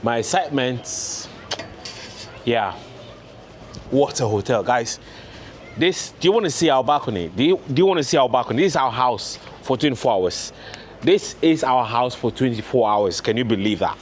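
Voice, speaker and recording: A man's voice: medium pitch, expressive, normal speed, slight background noise. A man vlogging a hotel room tour, gushing and exclaiming as he shows each room. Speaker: travel vlogger. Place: hotel suite, indoors.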